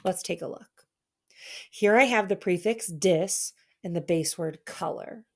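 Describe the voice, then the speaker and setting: A woman's voice: lowish voice, measured pace. A woman teacher giving an online reading lesson for children, playful and theatrical, with dramatic mock sadness.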